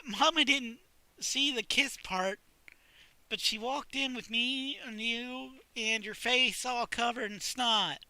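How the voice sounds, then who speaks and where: A flustered young woman who trips over her words and keeps restarting, as a man puts her on. The voice sits high and sounds bright and tense, halting and nervous. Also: no echo, full character voice. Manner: stammering, halting.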